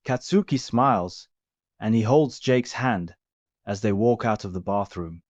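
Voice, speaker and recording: Male storyteller, plain steady read, low pitch, dry lo-fi. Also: unhurried, no echo. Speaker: reader. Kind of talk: fanfiction story narration.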